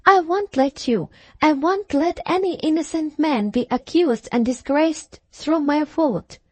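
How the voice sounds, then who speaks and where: A woman's voice: sits high, expressive, a little slow, darkish tone, no echo, pitched above the performer's own voice. A woman reading an audiobook, voicing a vehement young woman in hysterics who pleads and insists frantically. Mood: frantic.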